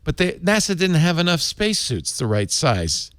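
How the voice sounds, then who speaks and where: Man, host, tech panel chat, jokey, very lively pitch, dry close sound. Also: moderate pace, clear, resonant tone, no room sound. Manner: animated, jokey, rattles through news items.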